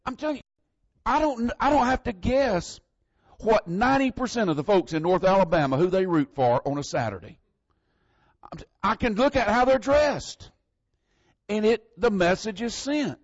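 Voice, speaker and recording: A man from northern Florida with a Southern accent preaches a folksy, conversational sermon that leans heavily on scripture verses. His voice is fairly high, and the recording is muffled with no echo.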